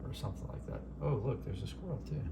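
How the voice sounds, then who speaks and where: A man watching birds, talking to them softly and teasing them in a casual way. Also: mid-range voice, lively intonation, quick pace, heavy background noise. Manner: soft, teasing, talks to birds. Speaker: backyard bird watcher. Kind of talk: casual talk to animals.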